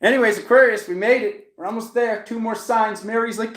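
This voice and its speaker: A man's voice: high voice, brisk, a bit bright. Chatty man reading tarot, echoey room. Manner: rambling and playful, with jokey asides and laughter. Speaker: tarot reader.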